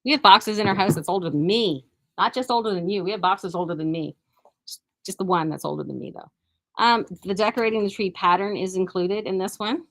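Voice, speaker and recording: A chatty woman with a mid-range voice hosts a relaxed product showcase from a quilt shop. She talks warmly and eagerly, trips over her words and starts sentences again, and gushes over each item. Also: mid-range voice, a little fast. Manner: chatty and enthusiastic, with frequent restarts. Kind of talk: casual live product showcase.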